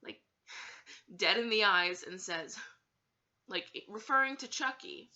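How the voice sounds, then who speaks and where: A woman chats through a personal story in a bright, tense voice, giggling and pausing on fillers as she goes. The recording sounds dull and lo-fi, like a simple home setup. Her pitch sits in an ordinary middle range. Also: lively intonation. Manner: giggly, hesitant, many fillers. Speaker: vlogger telling a story. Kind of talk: casual storytime chat.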